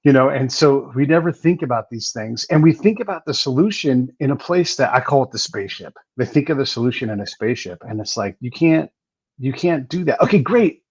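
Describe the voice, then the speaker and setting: Husky man hosting, lo-fi sound. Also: medium pitch, a little fast, no room sound. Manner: animated, acts out what others would say. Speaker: podcast host. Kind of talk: casual interview chat.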